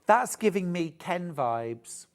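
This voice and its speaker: A man's voice: sits high, big pitch swings, takes it slowly, slight background noise. A man presenting a live shopping show, chatting and joking as he gushes over fabrics. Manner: chatty, gushing, jokey. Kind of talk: live sales chat.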